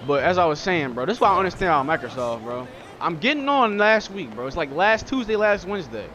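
An excitable man rants profanely while playing a game, his voice swinging up and down. He talks close to the mic, and the sound is dull and lo-fi. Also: on the high side, fast talker, slight background noise. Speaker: gaming channel host. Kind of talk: let's-play gaming commentary.

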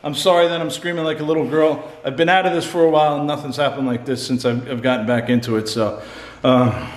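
A man's voice: medium pitch, steady tone, fast talker. A frightened man vlogging alone in an empty house, rambling and stammering, shaken and scared. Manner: rambling, stammering, repeating himself. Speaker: paranormal vlogger. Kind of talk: frightened solo ghost-hunt vlog. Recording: echoey room.

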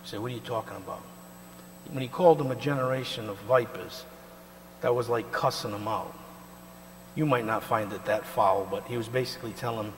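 A male pastor preaching a sermon, emphatic and swinging between loud and quiet, often pausing to ask the congregation to finish his sentences. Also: medium pitch. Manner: call-and-response questions to the congregation. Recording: reverberant hall with mains hum.

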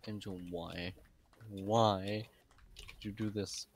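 Young guy streaming games, deep voice, goofy and flustered, laughs a lot. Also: fairly even intonation, slow, slight background noise. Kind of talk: live gaming stream chat.

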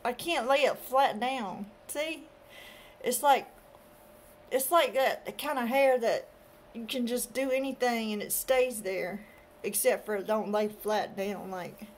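A woman's voice: fairly high pitch, slow pace. A woman, chatting casually to the camera in her bedroom and talking to her pets between rambling stories. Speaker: vlogger.

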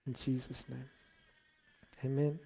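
A man's voice: mid-range voice, little pitch movement, measured pace, gravelly, warm tone, husky. A man leading an earnest spoken prayer in church. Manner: earnest, devotional. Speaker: prayer leader. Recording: dull lo-fi sound with faint music.

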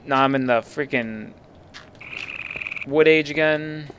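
A man's voice: a little high, slow. Chatty young man narrating gameplay, noisy mic. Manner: chatty, flares into exasperated yelling at enemies. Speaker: let's play gamer. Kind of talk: gameplay commentary.

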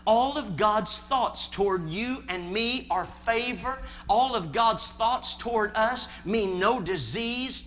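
A man's voice: high-pitched, sharp tone, slight background noise. A man preaching a sermon, emphatic, calling on the congregation to answer him. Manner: emphatic, calls for congregation responses.

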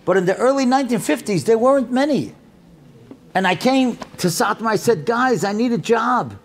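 Animated older man telling stories. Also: very high-pitched, normal speed. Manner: animated storyteller who acts out dialogue. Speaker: speaker at a religious event. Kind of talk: storytelling talk.

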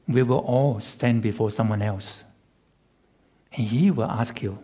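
Male preacher, sermon delivery; slow and deliberate, slightly husky, emphatic. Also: mid-range voice, mellow. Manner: measured, emphatic, with rhetorical repetition. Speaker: pastor.

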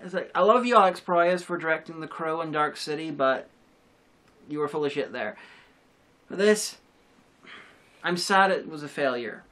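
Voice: mid-range voice, moderate pace, pauses often, fairly bright tone. A co-host in a casual film review chat, explaining ideas at length with frequent restarts. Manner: rambling explanations with many restarts.

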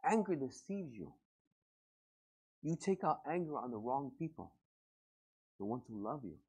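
A male pastor preaching a lively, joking sermon to a congregation and acting out everyday scenes. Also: medium pitch, measured pace, husky. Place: church service before a congregation.

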